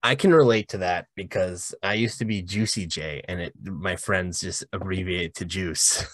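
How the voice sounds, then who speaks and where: A man's voice: sits low, normal speed, a bit bright, no room sound, studio quality. A man hosting a casual podcast chat, friendly and a little hesitant. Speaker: podcast co-host.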